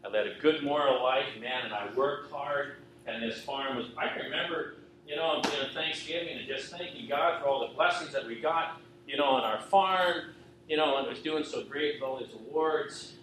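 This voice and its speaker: A man's voice: medium pitch, moderate pace. Middle-aged man, earnest testimony sermon, heavy hall echo, distant from the mic. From western Canada. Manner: earnest, repetitive, asks listeners "right?". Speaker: pastor giving a testimony. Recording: echoey hall from far off, faint noise.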